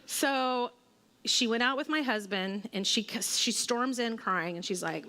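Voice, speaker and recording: A woman's voice: a little high, moderate pace, fairly bright tone. A woman in her forties giving a church teaching talk to women, conversational and relatable, with personal stories and fillers. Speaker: women's ministry speaker. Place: church hall. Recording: long hall reverb.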